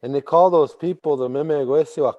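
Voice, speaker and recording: A man telling a traditional story slowly, repeating phrases and bursting into sudden animated emphasis. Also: a little high, lo-fi sound. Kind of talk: oral storytelling.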